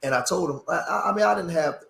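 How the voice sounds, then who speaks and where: A man with a high-sitting, gravelly, somewhat bright voice talks fast on a live stream, with a roomy echo around him. His emotional talk is impassioned and rambling, and he keeps restarting his sentences.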